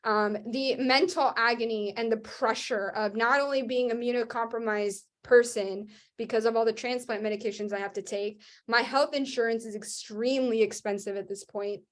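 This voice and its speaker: A young woman with a voice sitting a little high tells her story on an interview show. She rambles through fillers and restarts and slips into lively acted-out voices for the people she quotes. It comes across as casual and animated. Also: normal speed, few pauses. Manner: animated, acts out what people said. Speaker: guest, Christian rock singer.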